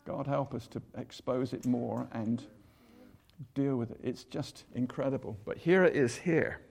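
A man's voice: medium pitch, measured pace, vocal fry, darkish tone. An older man giving a chatty sermon, acting out the people in the stories. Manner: chatty, acts out quotes in voices. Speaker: preacher.

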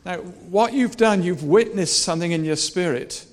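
A male preacher giving a lively, animated sermon, swinging between soft, personal asides and repeated, shouted rallying cries. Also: sits high, moderate pace. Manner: animated, shouting and laughing with the crowd.

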